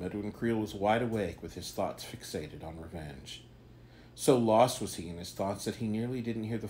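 Deep-voiced man narrating a fantasy tale. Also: a little mellow, slight background noise. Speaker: author reading his own novella. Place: home during quarantine.

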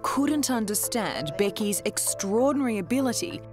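TV reporter voice-over: Australian woman, measured scripted read, music bed. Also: on the high side, lively intonation. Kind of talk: scripted narration. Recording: narration over loud music.

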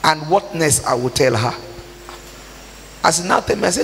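Gravelly Nigerian woman preaching, reverberant. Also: low-pitched, animated, normal speed, a bit bright. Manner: mixes in Nigerian Pidgin, acts out quoted dialogue. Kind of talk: sermon with storytelling. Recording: long reverb with faint hiss.

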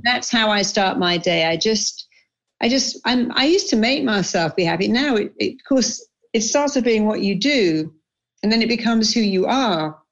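A woman's voice: medium pitch, expressive, moderate pace. An older woman, answering interview questions with enthusiasm and repeated upbeat phrases. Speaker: guest therapist. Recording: slightly dull lo-fi audio.

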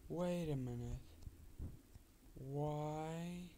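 A man giving casual commentary while playing a game, rambling and muttering to himself, sometimes quiet and sometimes loud. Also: fairly high pitch, very slow. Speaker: gamer with own channel. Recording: loud background noise.

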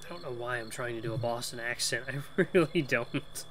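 A man's voice: medium pitch, brisk, fairly bright tone, slight background noise. A man hosting a gaming channel, commenting enthusiastically as he plays, rambling with fillers. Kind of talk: let's play commentary.

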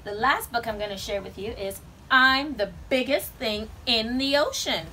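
A woman reading picture books aloud to children, with expressive, animated storytelling. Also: a little high, normal speed, slight background noise, low-quality recording.

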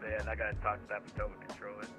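A man speaks as an air traffic controller, firing off clipped instructions at a brisk clip. He keeps to strict radio phraseology, never wasting a word. Music plays clearly in the background. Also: fairly low pitch, monotone. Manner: clipped, rapid-fire instructions.

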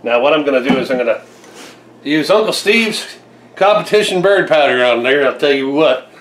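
A man's voice: a little high, expressive, normal speed, fairly bright tone, echoey room. A man co-hosting a casual home cooking demo, joking and laughing often at his own lines. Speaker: homestead channel co-host. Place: home kitchen.

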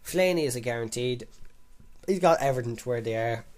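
A young man giving casual live commentary over a football video game, chatty and swearing constantly, with sudden loud excited shouts. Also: mid-range voice, a little fast. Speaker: gaming YouTuber.

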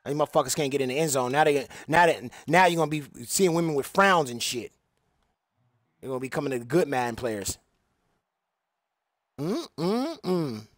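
A man's voice: medium pitch, fast talker, no echo. A man streaming gameplay, trash-talking crudely and boastfully, repeating his taunts. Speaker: gaming streamer. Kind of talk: profane trash talk over gameplay.

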